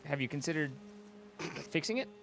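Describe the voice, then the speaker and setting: A man's voice: on the high side, lively intonation, brisk, vocal fry, a bit bright, soft background music. Playful teasing man on a stream. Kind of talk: casual gaming banter.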